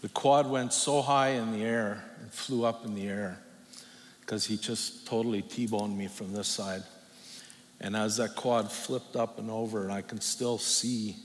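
A middle-aged man preaching a personal testimony, telling it in a halting, emotional way with long pauses. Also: on the low side. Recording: long reverb from a hall, faint noise.

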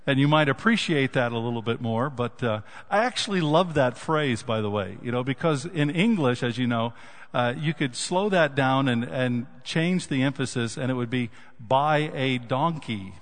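A man preaching as a guest speaker, telling rambling jokes with many restarts before a prayer and a Bible reading. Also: mid-range voice. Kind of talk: sermon. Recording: long reverb of a large hall.

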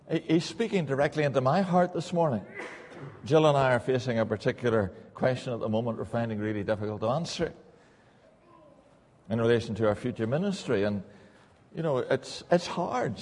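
A man's voice: mid-range voice, brisk, darkish tone, big-room sound. A middle-aged man preaching a sermon in a church, earnest and repeating key lines for emphasis.

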